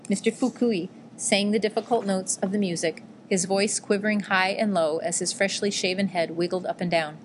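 A woman narrating a memoir-style novel in a measured, gentle storytelling manner. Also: fairly low pitch, slight background noise. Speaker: audiobook narrator.

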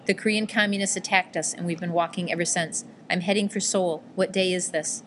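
A woman's voice: fairly low pitch, steady tone, fairly quick, fairly bright tone, slight background noise, natural voice. Woman voicing a determined young schoolboy on the run. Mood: careful, urgent. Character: teenage Japanese schoolboy fleeing, determined and quick-thinking.

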